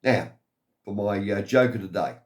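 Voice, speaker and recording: Rambling English storyteller, a man with a lowish voice, casual vlog anecdotes. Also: moderate pace. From England. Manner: rambling, chuckles at his own stories. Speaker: vlogger.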